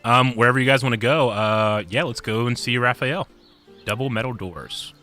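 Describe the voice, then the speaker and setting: A man's voice: medium pitch, moderate pace, pushed and bright, faint music behind. A man co-hosting a live game stream, teasing his friends and laughing often in casual chat. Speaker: streamer co-host.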